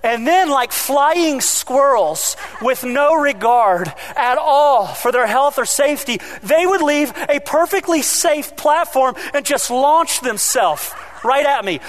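A pastor preaching a sermon, animated, swinging between loud emphasis and quiet asides, with joking remarks to the congregation. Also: male voice, extremely high pitch, slow.

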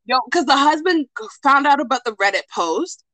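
Woman podcast co-host, bright forceful voice, slightly high, animated storytelling, dry close sound. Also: fairly quick, dry recording, low-quality recording. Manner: animated, profane, acts out quoted voices. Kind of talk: casual storytelling chat.

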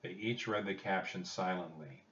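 A man narrating a children's storybook in a calm, measured reading. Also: low-pitched, recorded from a distance, dull audio.

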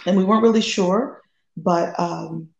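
Give me a woman from the States telling her story with energy, a bit of fry in her voice. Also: on the low side, measured pace, roomy sound, lo-fi sound. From United States. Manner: lively, acts out quoted dialogue. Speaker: guest. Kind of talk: animated personal storytelling.

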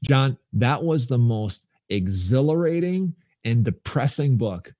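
A middle-aged man speaks as a podcast guest, his story earnest and emphatic, often restarting his sentences. His voice sits at an ordinary middle pitch. The sound is dry and close, with no room echo. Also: animated, slow, dark tone. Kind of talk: candid personal storytelling.

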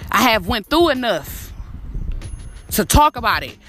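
High-voiced woman in her twenties, preaching. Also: big pitch swings, measured pace, a bit bright, slight background noise. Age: 20s. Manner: profane, emphatic, preachy pep talk. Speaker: podcast host. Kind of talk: motivational podcast monologue.

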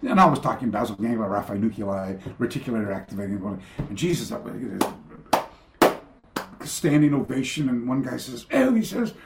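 A man's voice: medium pitch, animated, fairly quick, hardly any pauses, slight background noise. An older man, a karate teacher, telling long anecdotes in a casual interview over a video call, with many restarts and acted-out quotes.

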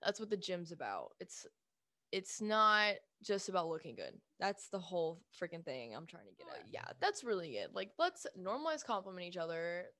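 A woman's voice: on the low side, big pitch swings, moderate pace, sharp tone, no echo. A young adult woman ranting casually to her viewers, blunt and emphatic, swearing freely and filling her speech with "like". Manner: speaks with lots of "like" fillers. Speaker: vlogger. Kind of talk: casual rant to camera.

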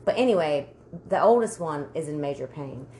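A woman's voice: sits low, lively intonation, moderate pace, mellow, a little hiss or hum. A woman co-hosting a podcast, telling stories in casual chat, laughing often and swearing freely. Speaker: podcast co-host.

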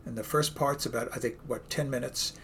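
A man's voice: medium pitch, fairly even intonation, brisk, a bit bright, a little hiss or hum. A man with a Brooklyn accent co-hosting a podcast, talking enthusiastically in a rambling, casual way. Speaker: co-host, communication professor. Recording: very echoey room.

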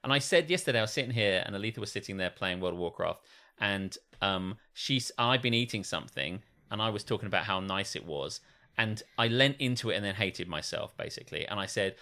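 A man from Britain joking his way through a casual comedy podcast chat. His bright, forward voice swoops up and down as he mimics people and tosses out cheerful profanity. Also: on the low side, a little fast. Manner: animated, swears freely, acts out quoted people in shifting voices. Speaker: podcast co-host.

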